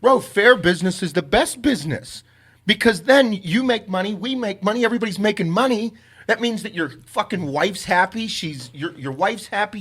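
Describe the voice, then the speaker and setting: A man's voice: high voice, fairly bright tone, husky. Profane, intense male podcast host. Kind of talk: casual podcast chat.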